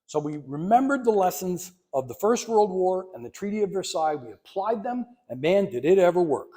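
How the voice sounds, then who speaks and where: Male lecturer in his fifties, fairly high voice, conversational and emphatic with wry asides, library talk. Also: very animated, a little fast, dark tone. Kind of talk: public history lecture. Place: library meeting room.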